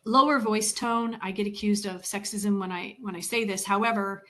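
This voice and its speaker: A woman gives a talk as a communication skills coach. She speaks at a measured, deliberate pace and stresses key words. Her voice sits at a middle pitch, and she takes each teaching point in turn. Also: steady tone, fairly bright tone. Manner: measured and deliberate, with clear emphasis and pauses; instructive, lists points one by one. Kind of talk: professional talk to a meeting.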